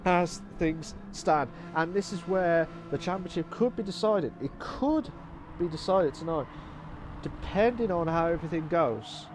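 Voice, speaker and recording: A man commenting live on a sim race, excitable and repeating phrases, breaking into shouts. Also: a little high, unhurried, noisy background.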